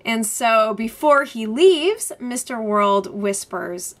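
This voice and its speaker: A woman reviewing a TV episode, animated and quick to laugh, with vivid, wordy descriptions. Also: fairly high pitch. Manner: animated, laughs often between points.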